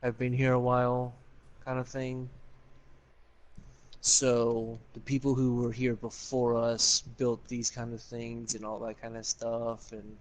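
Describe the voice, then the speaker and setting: A man's voice: mid-range voice, completely flat delivery, measured pace. Teasing, foul-mouthed man gaming. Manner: teasing, profane, joking. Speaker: Minecraft video host. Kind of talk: casual gameplay chat.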